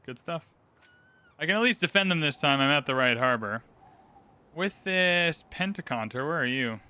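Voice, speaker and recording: A man narrating his own strategy game session with a bright, lively voice and a fairly high pitch. His speech is clear and smooth, chatty and upbeat as he explains each move. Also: moderate pace. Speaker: gaming channel host. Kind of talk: casual gameplay commentary.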